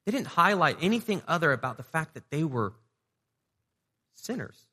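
A man's voice: on the high side, sing-song, moderate pace, bright, forceful tone, slightly rough, long reverb tail. A man preaching a sermon as a pastor, talking conversationally, asking the audience rhetorical questions and repeating words as he restarts.

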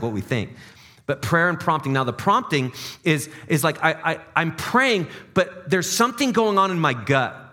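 A man's voice: a little high, a bit bright. Conversational male pastor preaching. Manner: conversational, asks the congregation questions and repeats words as he thinks aloud; jokey dad-joke asides. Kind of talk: sermon. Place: church service before a congregation.

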